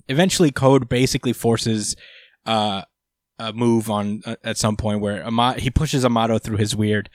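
Laughing often and swearing freely, a laid-back man gives a casual recap in loose speech full of filler words. His voice is on the low side, recorded dry and close with no room echo.

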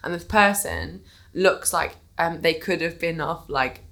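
A woman's voice: fairly low pitch, measured pace, vocal fry, fairly bright tone. A woman from the United Kingdom telling stories in casual chat, playful and giggly.

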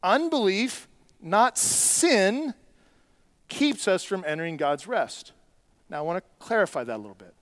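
A high-pitched male pastor delivering a sermon in a plain, talky way. He swings between soft, low asides and loud, climbing appeals to his church. The sound is dry and close, with no room echo. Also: expressive, measured pace. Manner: swings from quiet earnest asides to loud rising exhortation; conversational preaching with restarts and plain talk.

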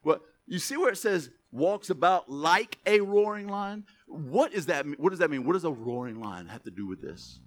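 A man preaching a sermon as pastor, reading verses slowly with emphasis, then dropping into quick asides to the church. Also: on the high side. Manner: animated, stretches scripture words for emphasis, drops to asides.

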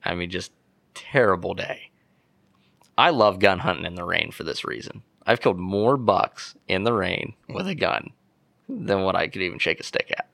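A young man from Pennsylvania, a podcast guest telling an animated story and acting out what people said. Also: sits low, normal speed, gravelly, no echo. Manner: animated storyteller, acts out quotes. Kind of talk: casual storytelling.

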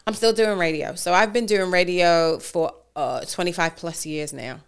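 A woman in her forties from Britain, with a British accent twisted by Brooklyn, telling animated stories as a radio DJ guest in a casual interview. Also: on the low side, moderate pace, clear, resonant tone. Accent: British mixed with Brooklyn. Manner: animated storyteller, acts out quoted voices.

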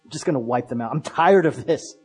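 A preacher quoting God with a lower, hushed and solemn delivery. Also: male voice, a little fast, husky, faint music behind, natural voice, rough recording. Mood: grave. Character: stern weary God speaking, male, grave.

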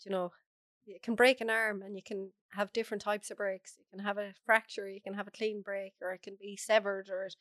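An Irish woman with a hoarse, bunged-up voice, talking openly and bluntly as an interview guest. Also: mid-range voice, flat delivery, a little fast, a bit bright, no room sound, studio quality. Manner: frank, chatty, laughs often. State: hoarse from a cold. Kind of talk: casual interview chat.

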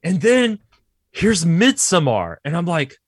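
A man co-hosting a relaxed podcast, speaking a little high and recorded dry and close. He gives his opinions bluntly and candidly. He chats informally with a loose rhythm. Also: slow pace, slightly rough, no room sound. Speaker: podcast co-host. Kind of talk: casual chat.

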